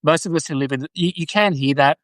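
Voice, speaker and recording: Fairly high-pitched and fairly quick, an Australian man hosts a live video of loose political chat, peppered with "right?" tags and restarts. The recording has no echo but is rough.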